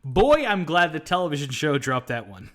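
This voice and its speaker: A man's voice: sing-song, moderate pace, fairly bright tone. A man co-hosting a film review podcast, chatting casually and laughing often. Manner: chatty, laughs often, reads quotes in a deep trailer voice. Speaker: podcast co-host.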